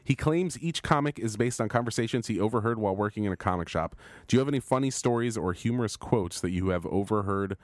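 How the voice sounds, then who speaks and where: A man co-hosting a podcast, reading out listener questions in relaxed, joking chat and laughing often. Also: fairly low pitch, quick pace, no echo, studio quality. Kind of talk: casual chat.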